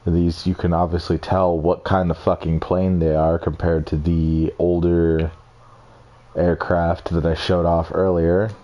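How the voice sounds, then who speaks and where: Unhurried and level-toned, a young man with a low voice casually narrates a screen-recorded walkthrough of his game builds, and the highs are cut off. He rambles, swears freely and criticizes his own work.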